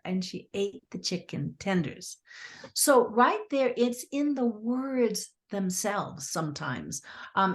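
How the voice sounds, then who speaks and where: A middle-aged woman, a therapist and author, telling client stories in a lively conversational way and acting out what clients said. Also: medium pitch. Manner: animated, acts out clients' quotes. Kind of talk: conversational storytelling.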